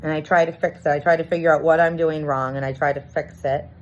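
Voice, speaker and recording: A deep-voiced woman talks fast and steadily over faint background music. The recording is dull and lo-fi, and in it she earnestly searches through a confusing experience in a personal monologue, acting out pieces of dialogue along the way.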